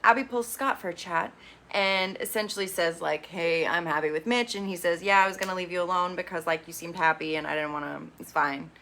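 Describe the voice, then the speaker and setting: A woman casually recapping a reality show, with sassy opinionated asides and quick quoted impressions. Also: on the low side, pushed and bright, a little hiss or hum.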